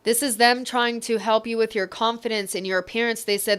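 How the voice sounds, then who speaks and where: A woman giving an emotional, reassuring tarot reading, speaking gently and getting choked up at times. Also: on the high side, level tone, fairly quick, hardly any pauses, clean tone. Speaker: tarot reader.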